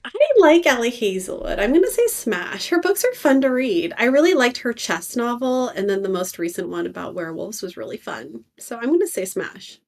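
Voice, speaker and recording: Woman, podcast co-host, animated and lively pitch, chatty opinionated banter. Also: normal speed, creaky, few pauses. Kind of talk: casual chat.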